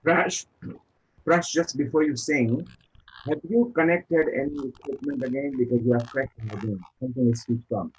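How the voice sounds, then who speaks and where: A man's voice: mid-range voice, moderate pace, a little hiss or hum. A man on a video call, speaking politely and practically about a technical problem, over dull call audio.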